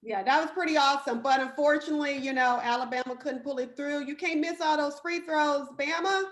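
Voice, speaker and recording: A woman with a high voice chats excitably about the games as a co-host. She keeps the talk casual and moves along with plenty of ums and uhs. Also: brisk. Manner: chatty and excitable, with frequent fillers. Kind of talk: casual chat about sports.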